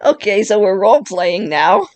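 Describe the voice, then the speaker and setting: A woman's voice: medium pitch, expressive, moderate pace, a little mellow, no echo. A woman YouTuber who is sick, casually commenting and reacting with disbelief. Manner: reactive, incredulous. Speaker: YouTuber playing with chatbots. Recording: dry.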